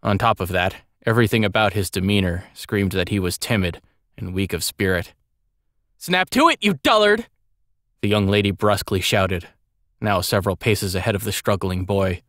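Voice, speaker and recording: A man reading a story aloud as an audiobook narrator, in a measured, expressive way. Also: sits low, dry recording, studio quality. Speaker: audiobook reader.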